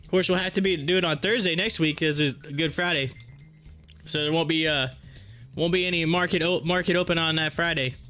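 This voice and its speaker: A high-voiced man hosts a casual stock market livestream and tells stories in a loose, rambling way, often laughing. Faint music plays underneath his chat. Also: moderate pace, pushed and bright. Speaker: stock market live streamer.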